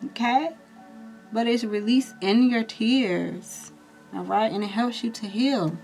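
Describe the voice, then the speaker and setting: Brief: woman tarot reader, chatty and reassuring, talks straight to viewers, soft music underneath. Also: a little high, steady tone, slow, vocal fry. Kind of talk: casual astrology reading.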